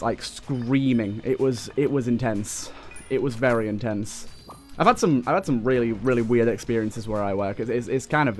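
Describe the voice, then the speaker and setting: A young British man telling a rambling story over gameplay, with lots of restarts and fillers. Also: medium pitch. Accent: British English. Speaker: let's play host. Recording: faint game music behind the voice.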